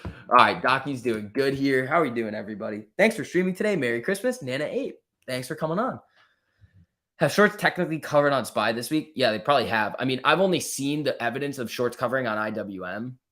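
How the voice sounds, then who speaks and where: A man's voice: medium pitch, expressive, fairly quick, sharp tone. Male stream host, mid-range voice, casual, joking, talks straight to chat. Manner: chatty, reads viewer comments aloud and answers them; joking, lightly teasing. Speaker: livestream host.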